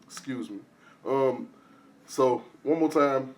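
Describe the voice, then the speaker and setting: A man teaching drum rudiments in a casual lesson, explaining step by step and counting the strokes out loud. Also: mid-range voice, slow. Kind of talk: casual instructional talk.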